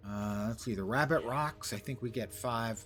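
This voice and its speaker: A man chats through a live game stream, drowsy and yawning after a long sleep. His talk wanders with wry, self-mocking asides at a mid-range pitch. Faint game music plays under him. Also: moderate pace, a bit bright. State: tired, yawning. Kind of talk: casual live-stream chat while gaming.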